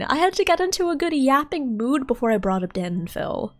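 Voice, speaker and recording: A young woman streaming a game, chatting casually in an excitable, chatty way and laughing often. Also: high voice, a little fast. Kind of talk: casual gaming stream chat.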